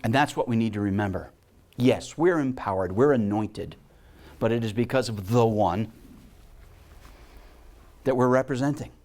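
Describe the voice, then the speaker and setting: A guest speaker and musician gives a heartfelt storytelling talk to a spiritual community, animatedly acting out the voices of people in his stories. He speaks with a medium pitch at a moderate pace, pausing often.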